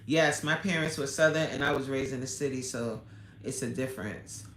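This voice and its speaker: A woman's voice: very deep voice, moderate pace, a little hiss or hum. A woman coach hosting a casual live chat, answering viewer comments in an emphatic, candid way. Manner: emphatic and candid, with frequent laughs. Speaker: fitness coach hosting a livestream. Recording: echoey room with faint ambience.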